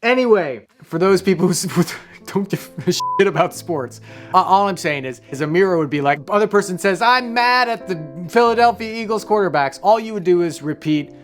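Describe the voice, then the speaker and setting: A man's voice: high-pitched, moderate pace, soft background music. A man hosting a casual explainer monologue, talking loosely, wandering into side stories and swearing offhand. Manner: rambling, conversational, off-hand swearing. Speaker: host, comedian.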